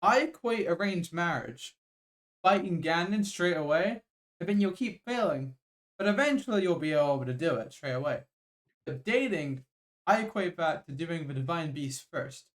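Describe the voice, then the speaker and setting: Lively and fairly high-pitched, a man from Bangladesh speaks at a normal pace while co-hosting a podcast. He keeps the chat casual and jokey, illustrating ideas with analogies from video games.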